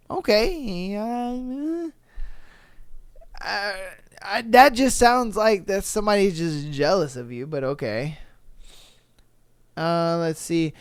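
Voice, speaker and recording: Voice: mid-range voice, a little slow, smooth, dry recording, studio quality. A podcast host reads online posts aloud and reacts with slang, swearing and laughter. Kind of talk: casual reaction commentary reading online posts.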